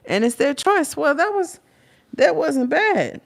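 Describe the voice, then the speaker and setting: A woman's voice: sits high, big pitch swings, takes it slowly, vocal fry. A woman with a Texas accent giving a casual tarot reading, rambling through blunt, profane asides. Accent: Texan. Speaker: tarot reader.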